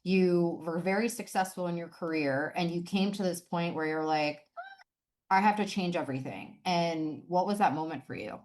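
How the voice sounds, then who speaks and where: A woman's voice: lowish voice, moderate pace, darkish tone. Woman hosting a podcast interview. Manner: relatable, conversational questioning. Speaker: podcast host.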